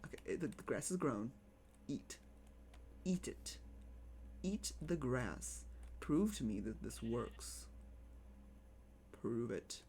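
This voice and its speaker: A live streamer chatting casually over gameplay, excitable, repeating phrases and cooing over pets. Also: mid-range voice, slow, pauses often, slight background noise.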